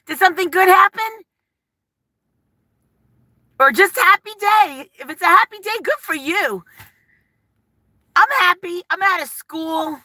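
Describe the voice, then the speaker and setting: A woman hosting a casual livestream, rambling warmly and openly nervous as she reads viewer comments aloud. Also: very high-pitched, lively intonation, moderate pace, no echo. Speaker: livestream vlogger. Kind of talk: casual live-chat talk.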